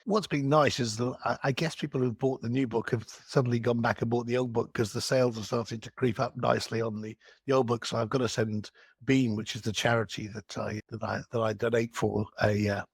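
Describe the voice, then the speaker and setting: English man, gravelly husky voice, anecdotal guest, dry close sound. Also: medium pitch, steady tone, brisk, no echo. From England. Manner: anecdotal storytelling. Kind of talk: podcast interview.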